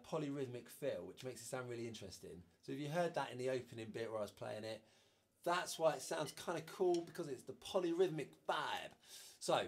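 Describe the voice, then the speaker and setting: A man's voice: medium pitch, slightly rough. Male drum teacher with a loose, chatty delivery and a mid-range voice, counting beats aloud. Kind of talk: instructional drum lesson.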